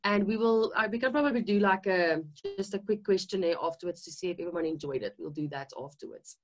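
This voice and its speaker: A woman's voice: on the low side, fast. A woman with a South African accent giving a chatty nutrition talk on a video call, using tag questions and fillers. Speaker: nutritionist co-hosting a webinar. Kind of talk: explanatory webinar talk.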